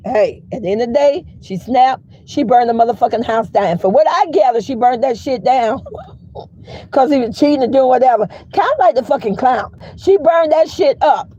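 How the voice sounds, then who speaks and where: A woman hosting a casual commentary chat, telling stories in a blunt, profane, animated way. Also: on the high side, slightly rough, lo-fi sound. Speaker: commentary livestream host.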